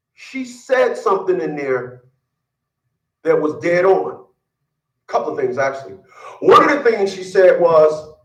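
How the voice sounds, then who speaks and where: The audio is poor and echoey, the mic far away, and the man's voice is high. He delivers boastful, blunt relationship advice in a casual rant full of profanity, repeating himself more as he gets worked up.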